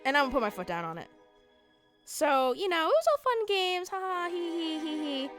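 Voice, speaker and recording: A woman's voice: high voice, expressive, quick pace, fairly bright tone, soft background music. A young woman streamer recapping a game to her chat, telling the story with mock outrage, laughter and swearing.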